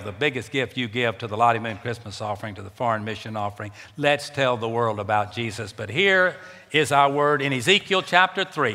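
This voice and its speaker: A man's voice: mid-range voice, a little fast, pushed and bright. A man preaching a sermon as pastor in a church, emphatic and repeating words for stress. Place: church sanctuary. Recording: long reverb of a large church.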